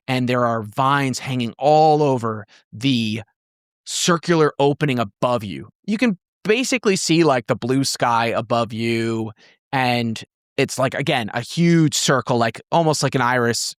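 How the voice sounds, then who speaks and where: A man's voice: medium pitch, clean tone, dry recording, studio quality. A man narrating a tabletop game as game master, describing scenes with many fillers and restarts. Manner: rambling descriptions full of fillers.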